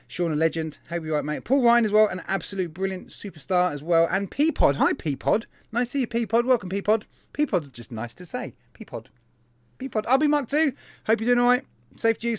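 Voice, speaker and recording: A man's voice: high voice, dry recording. A man hosting a live stream, chatting in a casual, upbeat way and greeting viewers one by one. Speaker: host of a vaping live stream.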